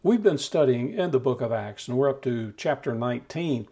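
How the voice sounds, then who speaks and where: A man preaching a steady, measured Bible teaching, talking the listener through scripture. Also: mid-range voice, husky. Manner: calm measured teaching with occasional restarts.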